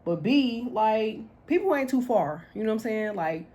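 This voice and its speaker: A woman's voice: on the high side, animated, moderate pace, mellow. A woman doing a casual tarot reading to camera, blunt and slangy, talking animatedly and laughing often. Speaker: tarot reader.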